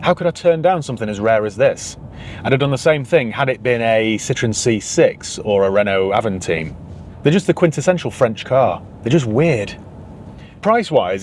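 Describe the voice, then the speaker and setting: A Northern English man in his thirties narrates his car-dealing vlog in a loose, conversational way. He is wry and quick to mock himself, and his voice sits in a middle range. A faint wash of outdoor town noise runs underneath. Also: medium pitch. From England. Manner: chatty, wry and self-mocking. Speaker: used car dealer and channel host.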